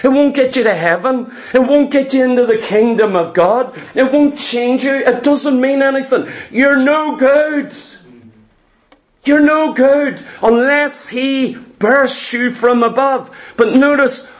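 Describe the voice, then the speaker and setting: A man with a very high voice delivers a sermon to his congregation. He talks in a lively, conversational way, circling back with repeated phrases and quick asides before he presses each point home. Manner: animated, conversational preaching with repetitions and asides. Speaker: preacher.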